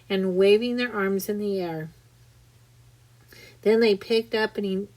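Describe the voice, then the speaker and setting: A woman narrating a children's storybook aloud, deliberate with small restarts. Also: mid-range voice, rough recording. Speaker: reader. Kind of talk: audiobook narration.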